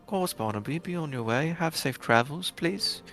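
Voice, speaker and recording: A towering orc guard questions strangers with calm courtesy and a firm undertone, as a man puts him on. His voice is gravelly and slightly raised above its usual level. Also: mid-range voice, soft background music. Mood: courteous. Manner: courteous, measured, mildly stern. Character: towering polite male orc city guard.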